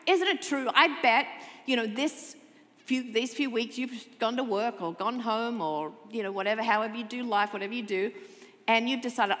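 A woman pastor delivers a sermon in a church sanctuary, her voice sitting a little high. She swings from loud, emphatic lines to hushed, tender ones. The sound carries a long hall reverb. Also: moderate pace. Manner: expressive, shifts from loud emphasis to soft intimate tones.

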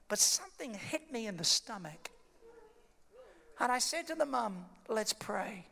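A man preaches a sermon in a big church hall, his very high voice ringing with long reverb. He storytells in a hushed tone and then climbs to fervent shouts. There's a gravelly edge to it. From Australia. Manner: impassioned preaching, rising to shouts. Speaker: pastor.

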